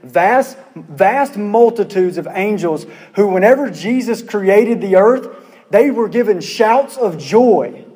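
Pastor guy preaching, kinda high voice, lots of questions, church hall echo. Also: animated, slow pace, darkish tone, slightly rough. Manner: earnest preaching, rhetorical questions, repeats phrases. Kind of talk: sermon.

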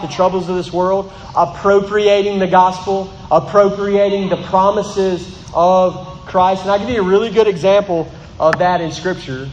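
A man's voice: sits high, reverberant, big-room sound, slight background noise, rough recording. A man preaching a sermon to a congregation, emphatic, repeating phrases and rising in bursts. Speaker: pastor. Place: large room with congregation.

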